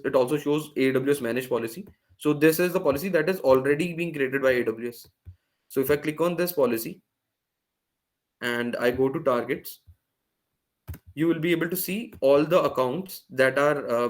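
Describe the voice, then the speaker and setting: Man, online workshop presenter, step-by-step explanation, many fillers and restarts, video call. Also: mid-range voice. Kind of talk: live screen-share tech demo.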